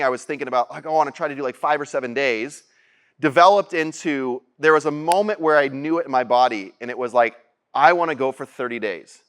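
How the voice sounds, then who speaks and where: A man speaking on stage in a fairly high voice. He rambles and restarts his sentences. He laughs often and turns lively when he acts out his own past lines. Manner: animated when quoting himself. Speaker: keynote speaker. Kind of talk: personal storytelling keynote.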